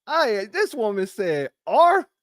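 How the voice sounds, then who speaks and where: Mocking, incredulous commentary host. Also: male voice, very high voice, sing-song, slow, fairly bright tone, dry recording, clean studio sound. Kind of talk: reaction commentary.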